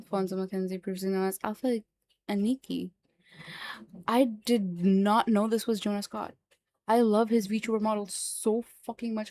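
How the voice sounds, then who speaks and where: Excitable woman streamer chatting live. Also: mid-range voice, a little hiss or hum. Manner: excitable, repeats herself, swears freely. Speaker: streamer and voice actor. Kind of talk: casual livestream chat.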